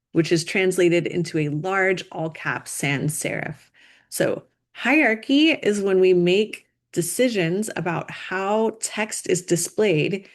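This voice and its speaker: A woman with a fairly low voice delivers a recorded design lecture. She explains each point clearly and deliberately. She leans on key words for emphasis. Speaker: design instructor. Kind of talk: recorded lecture over slides.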